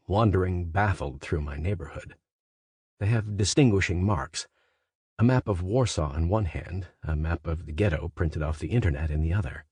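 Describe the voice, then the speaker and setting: Low husky male audiobook narrator. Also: darkish tone, no echo, studio quality. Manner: measured, conversational monologue with sudden emphatic rises. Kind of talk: first-person literary narration. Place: studio booth. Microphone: close studio mic.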